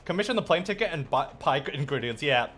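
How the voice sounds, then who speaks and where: A man's voice: a little high, expressive, fast talker, fairly bright tone. A young man, a streamer, chatting casually and playfully with viewers while gaming. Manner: chatty and playful, reacts to chat. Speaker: streamer and host.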